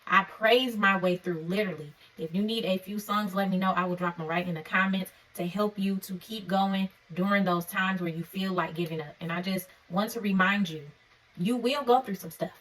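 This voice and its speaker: A woman giving an encouraging faith-based talk to camera, earnest and preacherly, often checking in with her listeners with a quick "okay?". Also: mid-range voice, a bit bright, recorded from a distance, rough recording. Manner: conversational and informal. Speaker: faith vlogger. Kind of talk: encouraging devotional vlog talk.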